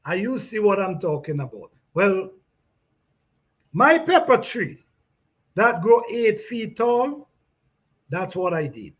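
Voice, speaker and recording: A man hosting a gardening chat, reading out comments in a relaxed way, repeating himself and laughing often. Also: high voice, slow, long pauses. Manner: laid-back, repeats phrases, laughs often. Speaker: gardening channel host. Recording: dull lo-fi sound.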